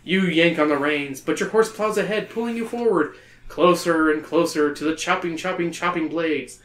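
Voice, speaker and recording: Man, slightly high voice, playful read-aloud, echoey room. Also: normal speed, fairly bright tone. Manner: playful, breaking into laughter. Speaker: podcast host reading aloud. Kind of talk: comedic read-aloud of a kids' book. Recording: roomy echo.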